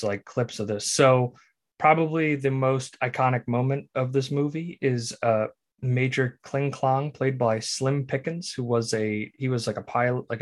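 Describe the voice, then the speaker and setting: Casual man explaining a film. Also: medium pitch. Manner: explains plot and sets up clips. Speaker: podcast co-host.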